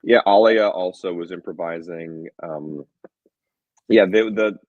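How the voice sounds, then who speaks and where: A man with a deep, low voice chats as a film director in an interview. He tells animated stories, acting out the quotes and laughing often. The sound is dry and a bit dull, like a modest lo-fi setup. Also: a little slow, dry recording. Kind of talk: casual interview talk.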